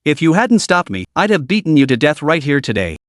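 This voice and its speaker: A man voicing a hot-tempered young man who bluntly scolds his friend, his delivery lively and bright. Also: on the high side, brisk, no room sound, clean studio sound. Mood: angry. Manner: angry, blunt and demanding.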